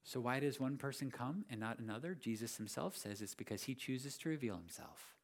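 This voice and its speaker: Earnest preaching man, middle pitch. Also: expressive, brisk, vocal fry. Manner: earnest preaching with rising emphatic peaks and repetition. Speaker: pastor. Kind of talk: sermon.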